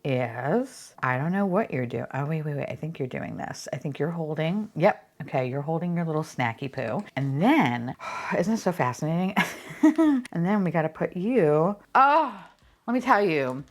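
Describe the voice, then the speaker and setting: A young adult woman talking casually as she unboxes blind-box toys at home, excitable and profane, gasping and squealing at what she pulls out. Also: deep voice. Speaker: unboxing vlogger.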